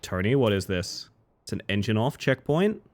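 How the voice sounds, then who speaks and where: Male streamer, casual and playful; leaps from giddy highs to quiet mumbles while he plays. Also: moderate pace. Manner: playful, reads chat aloud and jokes, swings between excited yelps and low mutters. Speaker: live streamer. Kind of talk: casual live-stream chat while gaming.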